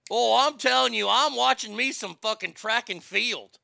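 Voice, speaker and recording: A man's voice: extremely high pitch, moderate pace, vocal fry, hardly any pauses, bright, forceful tone, dry recording. A man hosting a show, giving casual comedic commentary in a profane, irreverent way. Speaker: show host.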